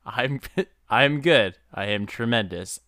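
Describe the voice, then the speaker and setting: A man co-hosting a casual podcast, with hesitant restarts and energy that starts high and quickly drops off. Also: sharp tone, no room sound, studio quality. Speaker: podcast co-host. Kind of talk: casual chat.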